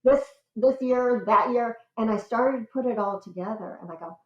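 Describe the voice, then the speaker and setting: A woman's voice: a little high, moderate pace. An older woman, a guest relations expert, chatting enthusiastically in an interview about her research. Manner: enthusiastic, squeals with excitement when telling stories. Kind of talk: conversational interview. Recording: roomy, slightly dull sound.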